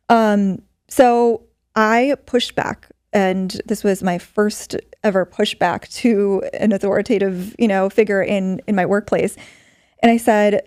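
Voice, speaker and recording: A woman's voice: mid-range voice, steady tone, moderate pace, darkish tone, no echo, clean studio sound. A middle-aged woman, a podcast guest, telling a story earnestly in conversation with many fillers. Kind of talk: storytelling in an interview.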